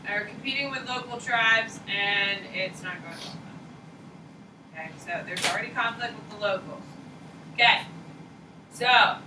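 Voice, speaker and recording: A woman's voice: a little high, sharp tone. Woman teacher giving a class lecture, chatty and emphatic, lots of okays, echoey room, mic far off, noisy. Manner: casual, emphatic, repeats key points with frequent "okay". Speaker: history teacher. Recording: roomy echo, distant mic, noisy.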